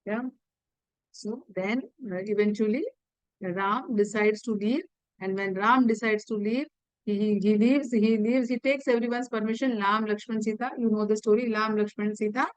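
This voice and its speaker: A woman's voice: mid-range voice, steady tone, clear, resonant tone, no room sound, poor audio. A woman with an Indian English accent tells an epic story as a lesson for teenagers. She halts often and repeats words. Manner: halting, repeats words, many fillers. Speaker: teacher.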